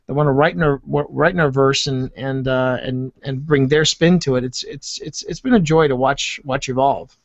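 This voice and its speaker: A man guesting on a podcast, talking casually and haltingly, repeating words as he thinks. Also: mid-range voice, steady tone, gravelly, no echo, lo-fi sound. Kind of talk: casual chat.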